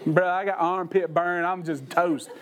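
An older man, preaching through lively, folksy personal stories. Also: high voice, measured pace. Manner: animated, folksy storytelling with laughs. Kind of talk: storytelling sermon.

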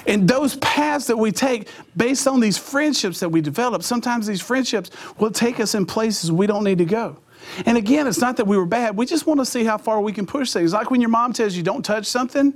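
A middle-aged man with a high-pitched voice gives an animated, comic storytelling talk. He switches into other voices and makes sound effects as he goes. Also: fairly quick. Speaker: motivational speaker.

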